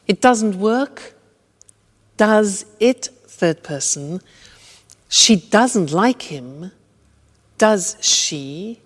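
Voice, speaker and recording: A woman teaching English grammar with slow, deliberate explanations, drawing out her example sentences with exaggerated intonation. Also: medium pitch, in a large hall.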